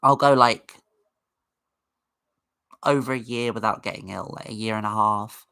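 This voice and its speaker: Woman chatting on a low-key stream, rambly, bright sharp tone, says hi to chat. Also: a little slow, smooth. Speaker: livestream host. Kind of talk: casual livestream chat.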